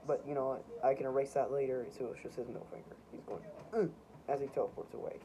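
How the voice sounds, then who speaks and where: A man's voice: mid-range voice, fairly even intonation, quick pace. Rambling young man over background noise. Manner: rambling, self-mocking, chuckling. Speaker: amateur comic artist. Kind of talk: casual show-and-tell narration. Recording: noisy home recording.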